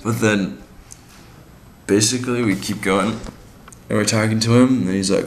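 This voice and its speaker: Low gravelly young guy on his mission, chill and slangy, echoey room with faint noise. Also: steady tone, normal speed. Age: young adult. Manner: laid-back and slangy, many fillers. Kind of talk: casual video diary.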